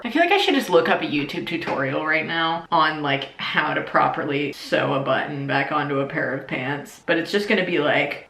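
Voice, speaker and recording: A woman's voice: low-pitched, lively intonation, moderate pace, sharp tone. Chatty tipsy woman in an echoey room. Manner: chatty, self-mocking, slips into silly voices. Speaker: YouTuber. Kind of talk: casual comedic vlog while sewing and drinking.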